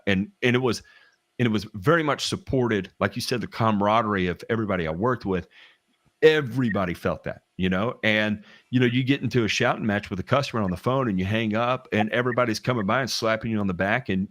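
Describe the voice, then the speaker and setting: Middle-aged Southern man, very deep, dry close mic, candid rambling storyteller. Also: fast talker, a bit bright, no room sound. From American South. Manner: rambling, frequent restarts and fillers, candid with swearing. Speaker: podcast guest telling work stories. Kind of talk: casual chat.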